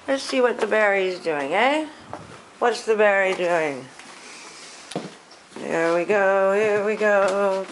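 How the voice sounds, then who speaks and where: A woman's voice: mid-range voice, very animated, slow, a little hiss or hum, poor audio. A woman filming at home, cooing to her cat in singsong baby talk. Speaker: pet owner filming at home. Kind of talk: casual home video. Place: own house.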